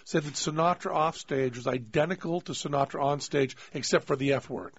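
A man's voice: on the high side, fairly quick, slightly rough, no room sound, highs cut off. A male interview host who adds brief, encouraging interjections. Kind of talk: casual interview.

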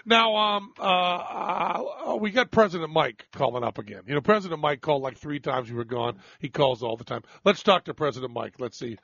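A man's voice: on the high side, lively intonation, moderate pace, gravelly, few pauses, fairly bright tone, no room sound, highs cut off. A man hosting a radio show, chatting casually and rambling in a self-deprecating way with many restarts.

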